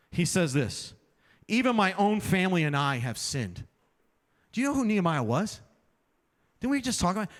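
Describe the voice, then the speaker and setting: A man preaching a chapel sermon, telling self-deprecating stories and acting out the dialogue. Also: sits high. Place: chapel hall. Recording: long hall reverb.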